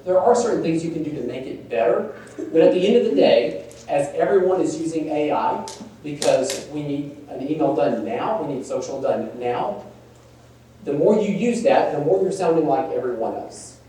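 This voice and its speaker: A man's mellow, slightly high voice comes across animated and at normal speed as he gives a conversational email marketing workshop. He asks the audience questions and ribs stiff wording. He's in a large meeting room, recorded with echo, a distant mic, and faint room noise.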